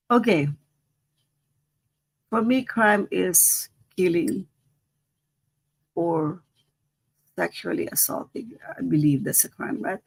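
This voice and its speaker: A woman's voice: fairly low pitch, creaky, husky, dry recording, rough recording. A woman spiritual teacher giving a live-streamed talk in a conversational way, often repeating herself and checking in with "right?".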